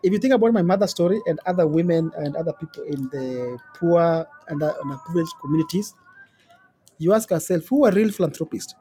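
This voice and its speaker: A man with a Kenyan accent speaks in a notably high voice as an interview guest. He tells his stories with animation, repeating words as he builds and laughing often. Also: expressive, fast, warm tone, a little hiss or hum. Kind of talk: storytelling in conversation.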